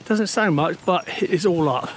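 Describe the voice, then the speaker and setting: A man's voice: sits high, moderate pace, a little hiss or hum. A man chatting casually to camera while hiking a steep coastal path, a little out of breath. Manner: chatty, out of breath on uphill walk. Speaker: walking vlogger. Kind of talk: casual walking commentary. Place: outdoors on a windy coastal footpath.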